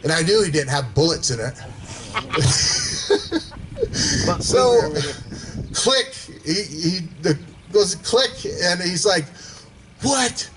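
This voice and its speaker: A man's voice: high voice, lively intonation, slow pace, pauses often, noisy background. A man telling casual stories to a gathering, rambling with fillers and chuckling as he goes. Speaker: storyteller at a gathering. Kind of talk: casual storytelling.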